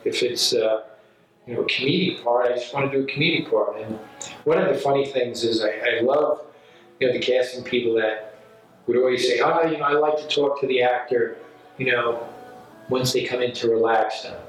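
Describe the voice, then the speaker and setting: A New Yorker and working actor talks fairly quickly at medium pitch, spinning animated, meandering stories with acted-out quotes. He's recorded off mic in an echoey room, with faint ambience and soft background music.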